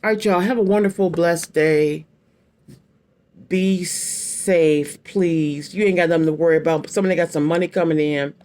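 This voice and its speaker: A woman's voice: lowish voice, fairly even intonation, moderate pace, darkish tone. A woman in her late fifties giving a casual tarot reading to her viewers, blunt and emphatic, repeating her phrases and using slangy, folksy talk. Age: 50s. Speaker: tarot card reader.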